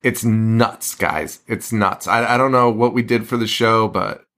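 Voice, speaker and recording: A man co-hosting a podcast in casual chat, excitable, swearing a lot and laughing often. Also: fairly low pitch, unhurried. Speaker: podcast co-host.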